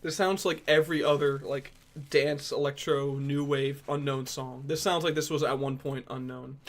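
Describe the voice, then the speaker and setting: A man's voice: mid-range voice, fairly even intonation, moderate pace. A young man streaming and reacting to obscure songs, rambling casually, thinking aloud and swearing often. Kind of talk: casual music reaction chat. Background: faint music from the songs he plays.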